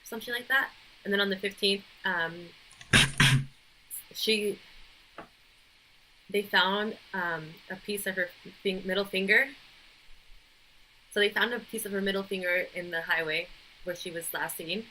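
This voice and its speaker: A woman's voice: mid-range voice, steady tone, a little slow, long pauses, bright, forceful tone, slight background noise, low-quality recording. A woman co-hosting a podcast, chatting loosely and recounting a creepy story. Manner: chatty, giggly, loose with details. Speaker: podcast co-host. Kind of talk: casual chat, storytelling.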